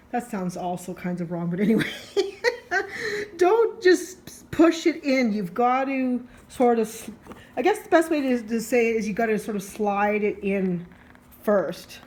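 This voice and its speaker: Using a handheld camera mic with slight background noise, a woman tech vlogger demos a gadget at home in a casual how-to unboxing. She's chatty and rambling, frequently correcting herself as she explains each step, in a fairly high-pitched voice with a darkish tone.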